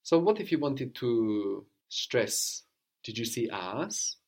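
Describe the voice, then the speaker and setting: A man's voice: mid-range voice, sing-song, takes it slowly, darkish tone. A man teaching a language lesson, patiently prompting questions and repeating the learner's answers.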